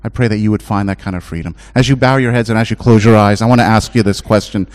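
A middle-aged man preaching a sermon as a chaplain, shifting between impassioned high-pitched pleading and low, hushed storytelling. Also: fairly even intonation, fast.

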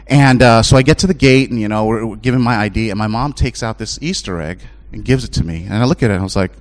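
A middle-aged chaplain preaches a sermon, swinging between impassioned, high-pitched pleading and low, hushed storytelling. He talks fast.

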